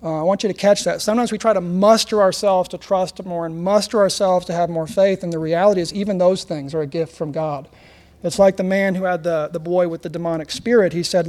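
A man's voice: sits high, fairly even intonation, a little fast, a little mellow. A male pastor gives a conversational sermon full of rhetorical questions and light humor.

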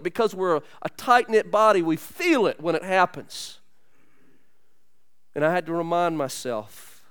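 Male pastor, earnest conversational sermon, bright clear tenor, dry close sound. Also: high-pitched, dry recording. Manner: earnest, conversational preaching with asides to the congregation. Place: church.

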